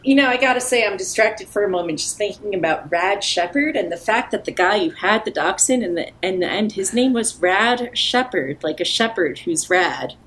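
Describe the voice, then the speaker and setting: Animated New woman chatting. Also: medium pitch, normal speed, hardly any pauses, poor audio. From New York. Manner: animated, talkative, many "like" fillers. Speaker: guest. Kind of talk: casual podcast chat.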